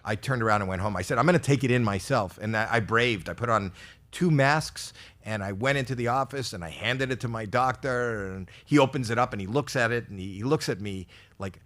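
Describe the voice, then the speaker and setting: A man in his sixties doing a stand-up set for an audience he cannot see. He spins long, self-mocking stories and keeps tripping into quick restarts before landing the punchline. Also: on the low side, a bit bright. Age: 60s. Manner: rambling, self-deprecating storytelling with frequent stammered restarts. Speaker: stand-up comedian. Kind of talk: stand-up routine for a virtual audience.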